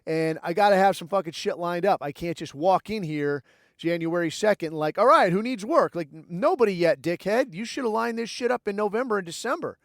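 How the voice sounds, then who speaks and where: A man's voice: high-pitched, a little fast, no room sound, clean studio sound. A man hosting a podcast, delivering a blunt, combative monologue full of swearing. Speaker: podcast host. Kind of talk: profane ranting monologue.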